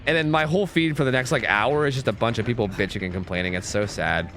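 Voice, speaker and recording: A man's voice: mid-range voice, quick pace, fairly bright tone, a little hiss or hum. A man streaming a game, ranting and chatting casually with viewers, swearing often. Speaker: gaming streamer. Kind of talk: casual live-stream commentary.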